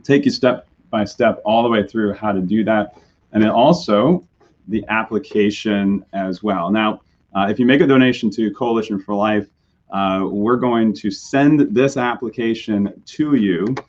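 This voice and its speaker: A man with a hoarse, low voice gives a webcast briefing as head of a nonprofit. He talks in a halting way with frequent fillers. The audio is dull and lo-fi, like a computer mic. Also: a little mellow. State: hoarse, recovering from a sore throat. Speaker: executive director of a nonprofit.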